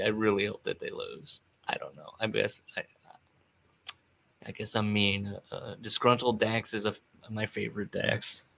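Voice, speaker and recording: A man's voice: medium pitch, gravelly. A middle-aged man hosting a casual podcast recap, rambling with wry, offhand asides. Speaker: podcast host recapping wrestling.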